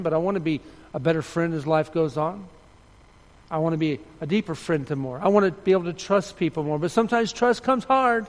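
A man preaching with earnest feeling, his voice a little higher than most. He swings from loud storytelling to soft, low appeals. The sound carries a long reverb from a large hall. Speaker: pastor. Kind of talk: sermon.

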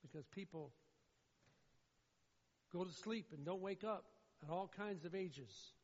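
A man preaching a sermon as pastor, swinging between loud, pleading emphasis and low, somber passages. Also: unhurried, breathy edge. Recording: dull, muffled sound with long hall reverb.

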